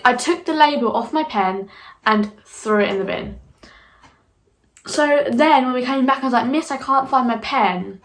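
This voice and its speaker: A young woman telling a school story in a casual vlog, animated, swearing freely and acting out her own reactions. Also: fairly high pitch, poor audio. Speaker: vlogger.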